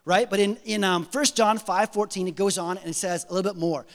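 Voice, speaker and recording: A man in his forties preaching a sermon as pastor, animated, acting out prayers in different voices with joking asides. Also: high voice, a little fast, big-room sound.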